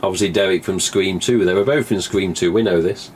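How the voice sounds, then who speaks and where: A man's voice: deep voice, fairly quick, a little hiss or hum. Chatty man. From England. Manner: chatty, swears casually, acts out remembered dialogue. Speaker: live stream host. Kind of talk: rambling casual monologue.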